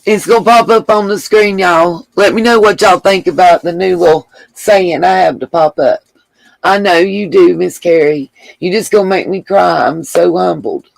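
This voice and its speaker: Gravelly woman hosting a livestream. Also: fairly low pitch, normal speed, no echo, low-quality recording. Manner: effusive, gushing thanks to viewers with endearments. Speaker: livestream host. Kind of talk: casual live-stream chat reading viewer comments.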